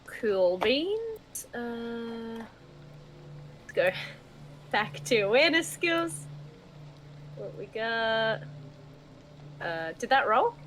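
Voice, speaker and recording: A woman's voice: fairly high pitch, sing-song, very slow, pauses often, fairly bright tone, a little hiss or hum, rough recording. Laid-back joking woman player. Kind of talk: casual tabletop play.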